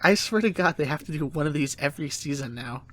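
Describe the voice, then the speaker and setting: Man, podcast host, casual chat, slightly high-pitched, animated retelling with silly voices. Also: quick pace.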